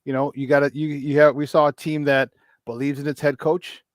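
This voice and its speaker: A man co-hosting a casual sports talk show, telling stories with lots of fillers, swearing freely, and getting loud when he acts out a scene. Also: a little high, brisk, no room sound. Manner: animated storyteller who shouts in retold scenes, swears freely. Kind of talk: casual sports radio chat.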